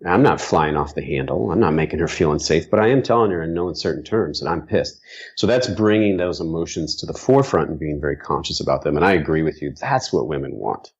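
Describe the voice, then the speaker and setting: A man's voice: very deep voice, lively intonation, fast talker, husky, dull audio. A man as guest co-host, speaking in an earnest, frank way and swearing for emphasis in casual conversation.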